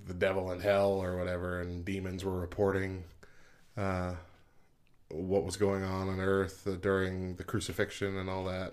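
A man co-hosting a podcast in casual chat, easygoing and quick to laugh. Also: low-pitched. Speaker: podcast co-host.

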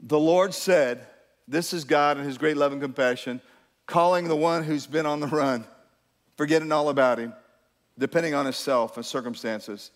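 A man preaching a sermon to a congregation, swinging from hushed, quiet lines to loud emphatic ones and calling out to the crowd. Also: on the high side, moderate pace, pauses often. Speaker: pastor. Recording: long hall reverb.

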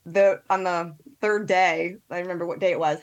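A woman, a podcast guest, chatting casually and telling a story with quick asides and quoted thoughts. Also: lowish voice, steady tone, muffled recording. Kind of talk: casual chat.

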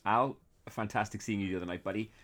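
A man's voice: fairly low pitch, quick pace, a bit bright. A man co-hosting a podcast, chatting playfully and swearing casually. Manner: playful, swears casually, hams up foreign phrases. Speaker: podcast co-host.

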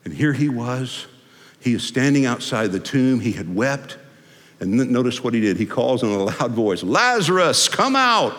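A male pastor preaching in an emphatic, dramatic way, rising to loud declarations and dropping to near hushes. His mid-pitched voice carries a long reverb from a large hall. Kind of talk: sermon.

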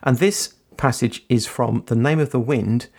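Gravelly-voiced man explaining writing. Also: mid-range voice, a little mellow. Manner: measured, explanatory. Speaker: writing podcast host. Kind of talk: literary analysis talk.

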